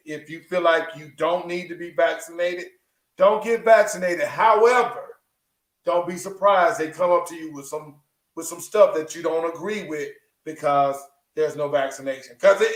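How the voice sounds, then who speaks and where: A man's voice: on the high side, fairly bright tone, recorded from a distance. A man hosting a casual podcast chat, talking in a rambling, hesitant way as he gives advice. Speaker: podcast host. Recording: roomy sound, set back from the mic.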